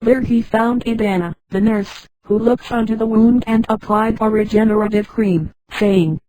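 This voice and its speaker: A synthetic woman's voice narrating a spoken sci-fi story, reading on evenly and flatly and speaking punctuation marks aloud. Her tone is a little high and mellow, and the sound is dry and close. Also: normal speed, hardly any pauses, no room sound, low-quality recording.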